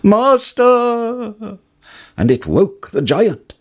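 A man narrating a children's fairy tale in an expressive reading voice. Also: mid-range voice, unhurried, husky, highs cut off. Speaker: storyteller.

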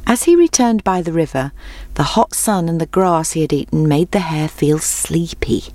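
A woman narrating a children's storybook in a clear, measured way. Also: low voice, animated, dark tone, no echo.

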